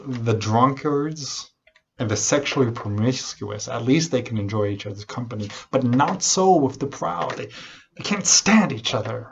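A man preaching a sermon, animated and unhurried, often restarting his phrases. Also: medium pitch, dull audio, slight background noise. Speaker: pastor.

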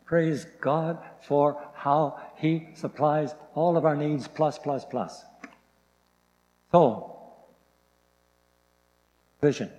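A man preaching a sermon, reading scripture slowly and stressing key words. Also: medium pitch, darkish tone, big-room sound, low-quality recording.

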